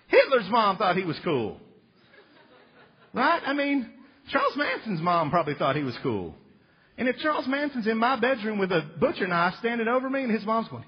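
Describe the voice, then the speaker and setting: Animated, husky-voiced man preaching. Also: high voice, moderate pace. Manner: animated, joking, emphatic, acts out little voices. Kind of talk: sermon. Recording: reverberant hall, dull lo-fi sound.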